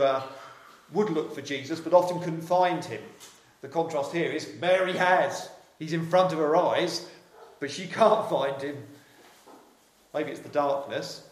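A man's voice: a little high, a little hiss or hum. Earnest man preaching in an echoey hall. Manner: earnest, reflective, repeats phrases for emphasis. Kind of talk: sermon.

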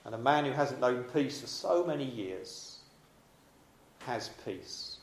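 A man's voice: mid-range voice, expressive, takes it slowly, a little hiss or hum. A man preaching a sermon in a dramatic, emphatic yet conversational way. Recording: echoey room.

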